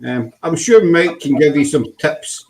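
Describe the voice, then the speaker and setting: A man's voice: a little high, animated, measured pace, crowd noise, poor audio. Jokey Scottish man hosting. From Scotland. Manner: jokey, self-mocking, laughs often. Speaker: host. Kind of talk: casual live show chat.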